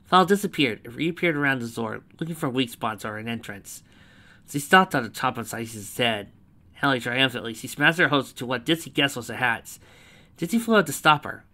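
Bright-voiced man reading fanfiction. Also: medium pitch. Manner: chatty asides between narration. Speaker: narrator. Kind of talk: reading fanfiction aloud with casual asides.

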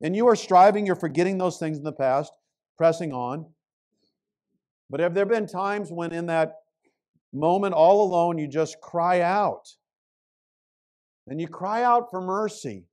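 A male pastor preaching a sermon in an earnest voice that swells and falls to a hush. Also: high-pitched, a little slow, long pauses. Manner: impassioned pleading prayer.

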